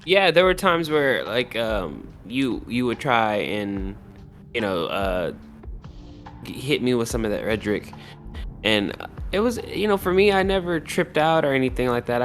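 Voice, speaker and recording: A man co-hosting a podcast, speaking in a relaxed, reflective way with many fillers. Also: medium pitch, normal speed, soft background music. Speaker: podcast co-host. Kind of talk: casual chat.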